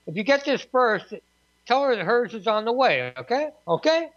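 A man's voice: very high-pitched, big pitch swings, normal speed, a bit bright, no room sound, voice pushed up, heavily acted. A man putting on a homesick young soldier brother. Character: young male soldier writing home to his sister, homesick and uneasy. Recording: dull, dry lo-fi recording.

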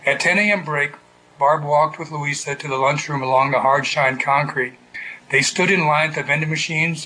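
A man reading a literary short story aloud in a steady, measured way. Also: on the high side, slight background noise, low-quality recording. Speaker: narrator.

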